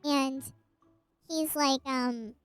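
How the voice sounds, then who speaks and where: Woman, streamer, high voice, rambling casual storytelling, faint game music behind. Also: steady tone, very slow, low-quality recording. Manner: rambling storyteller with many asides and restarts. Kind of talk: casual chat while gaming.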